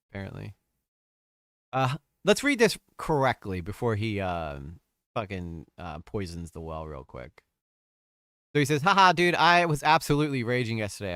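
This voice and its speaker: A man's voice: lowish voice, a bit bright, no echo, clean studio sound. A man commenting on a stream, crude and exasperated, mocking what he reads.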